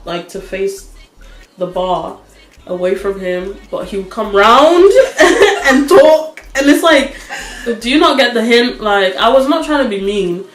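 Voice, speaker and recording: A young woman vlogger telling a story in casual chat, animated and laughing often as she acts out what people said. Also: medium pitch, measured pace, reverberant, soft background music.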